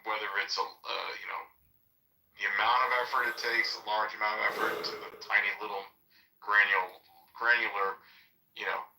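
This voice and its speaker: Bright, roomy-sounding man rambling casually. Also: lowish voice, level tone, a little fast, far from the mic, slight background noise. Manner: rambling, profane storytelling with fillers. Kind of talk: casual podcast chat.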